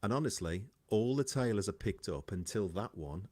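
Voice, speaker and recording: A man's voice: lowish voice, expressive, moderate pace, a little mellow. A man guest musician telling a story in casual chat on a video call.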